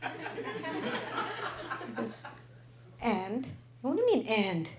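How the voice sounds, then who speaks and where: A middle-aged woman performing a stand-up comedy set on a club stage into a handheld mic, brash and crude, with a deadpan delivery and exaggerated quoted voices. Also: on the high side, drawn-out words, pauses often, background noise. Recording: roomy club sound.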